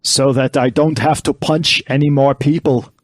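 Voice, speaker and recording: A man playing in a tabletop game, speaking politely and drily with a halting delivery. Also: mid-range voice, fairly even intonation, dry recording. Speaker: player. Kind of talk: tabletop role-play.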